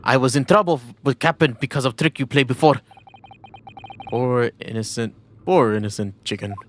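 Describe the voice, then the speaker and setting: A man's voice: mid-range voice, normal speed, a little hiss or hum, lightly acted. A man voicing a blustering, suspicious male sailor with a put-on Russian accent and broken English. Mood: indignant. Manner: broken English, blunt and defensive.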